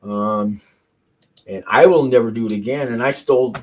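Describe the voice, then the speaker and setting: A man's voice: mid-range voice, normal speed, darkish tone, rough recording. A man hosting a call-in show, talking off the cuff in a rambling, profane way with lots of restarts. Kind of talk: casual unscripted commentary.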